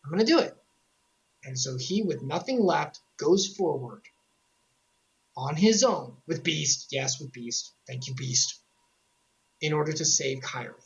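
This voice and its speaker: A woman recapping game lore on a casual stream, animated and joking, with sarcastic asides. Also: sits low, a little slow, lo-fi sound.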